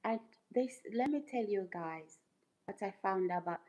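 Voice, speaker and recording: A woman's voice: medium pitch, animated, measured pace, darkish tone, low-quality recording. A woman hosting her own livestream, speaking casually and emphatically to her chat, repeating phrases and asking rhetorical questions. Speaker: YouTuber livestream host.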